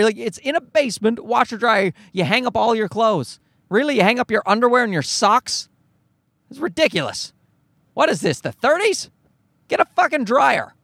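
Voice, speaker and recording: A man's voice: on the high side, expressive, moderate pace, vocal fry, a bit bright, no room sound. A man telling a story to his viewers as a profane, exasperated rant. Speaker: vlogger. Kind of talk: ranting storytime.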